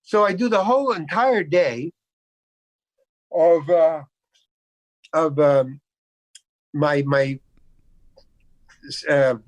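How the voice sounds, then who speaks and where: Older american guy, kinda high voice, rambly, keeps restarting sentences, dry close sound. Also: extremely slow, long pauses, no room sound, rough recording. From United States. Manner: emphatic, rambling with many restarts. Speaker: guest actor. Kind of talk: casual storytelling interview. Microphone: video call.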